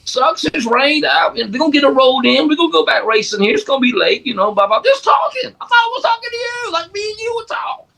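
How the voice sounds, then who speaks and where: A man with a high, bright voice tells stories on a casual podcast. His pitch swings widely as he acts out both sides of a conversation. He bursts into shouts for the dramatic parts. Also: a little fast, creaky, hardly any pauses. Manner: animated storyteller, acts out quoted dialogue with shouts. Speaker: podcast co-host. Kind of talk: casual chat.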